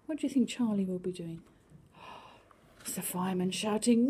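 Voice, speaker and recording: An older woman reading a picture book to young children, sing-song and animated, now and then dropping to a whisper. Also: medium pitch, normal speed, long pauses, slightly rough.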